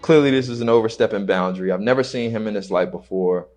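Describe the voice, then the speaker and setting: A young man, an interview guest, telling a personal story slowly and haltingly in casual slang. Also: on the low side, a little mellow, faint music behind.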